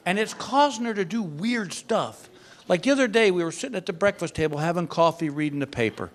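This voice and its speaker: With a slight hiss or hum in the audio, an older man performs club stand-up in a high voice, speaking a little fast. He relates stories animatedly, in mock exasperation.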